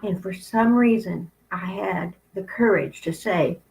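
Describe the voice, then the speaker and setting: A woman's voice: mid-range voice, measured pace, creaky, a little mellow, low-quality recording. A woman in her fifties giving a candid spiritual talk, blunt and conversational with some profanity. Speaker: spiritual channel host.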